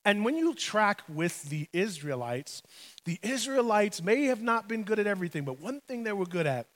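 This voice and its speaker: Animated, funny male preacher, high voice, long hall reverb. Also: moderate pace. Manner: animated, humorous storytelling preacher. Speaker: pastor. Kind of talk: sermon.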